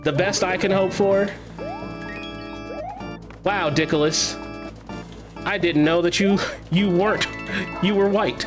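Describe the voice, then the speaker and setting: A man talks casually to his stream audience, laughing often and cursing freely. His voice sits a little high and swings widely in pitch, and he talks slowly. Game music plays clearly behind him. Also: expressive. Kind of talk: casual chat while gaming.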